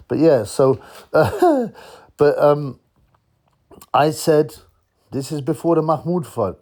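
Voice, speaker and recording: A man's voice: a little high, sing-song, takes it slowly, long pauses, a little mellow. Man ranting about boxing. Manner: rambling, combative, chuckling asides. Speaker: boxing channel host. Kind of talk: ranting commentary vlog.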